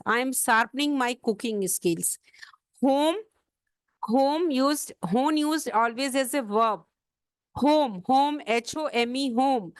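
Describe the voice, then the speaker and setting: A woman teaching an exam-prep English vocabulary lesson, spelling words out letter by letter and slowing down to show where the stress falls. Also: sits high, clear, resonant tone, no room sound.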